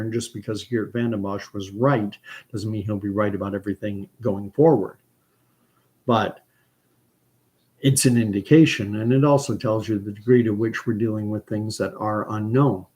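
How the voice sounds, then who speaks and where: A man's voice: lowish voice, a little mellow, poor audio. A man from Canada talking through a rambling, unscripted commentary, stopping often for fillers and restarts. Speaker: commentary channel host.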